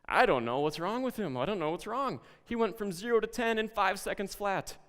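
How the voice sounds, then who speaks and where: A man's voice: high-pitched, lively intonation, fairly quick, fairly bright tone, voice pushed up. A stern, exasperated schoolteacher, voiced by a man scolds in a lifted voice. The sound carries a long reverb from a large room.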